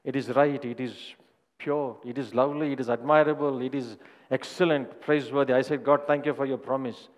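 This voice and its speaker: A man preaching a sermon in a long-echoing hall, his voice sitting at an ordinary middle pitch. He speaks earnestly and stacks repeated phrases one after another as he shares his own story. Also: steady tone, a little fast. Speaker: pastor.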